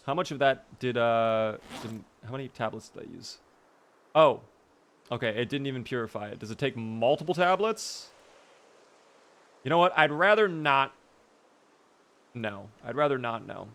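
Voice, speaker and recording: A man's voice: mid-range voice, expressive, moderate pace, long pauses, a bit bright. A man streaming a game live, chatting casually, teasing his character and answering his chat.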